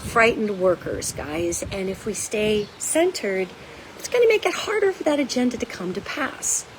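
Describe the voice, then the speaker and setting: A woman's voice: mid-range voice, slight background noise, rough recording. A woman host giving an urgent, emphatic monologue straight to her viewers, folksy and blunt, with casual swearing. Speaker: psychic commentator and show host. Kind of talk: direct-to-camera monologue.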